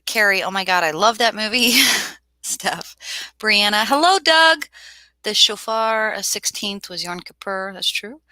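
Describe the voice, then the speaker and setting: A woman's voice: mid-range voice, no echo. A woman hosting a casual tarot livestream, chatting animatedly, laughing and reading viewers' comments aloud. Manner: animated, reads chat aloud, laughs often.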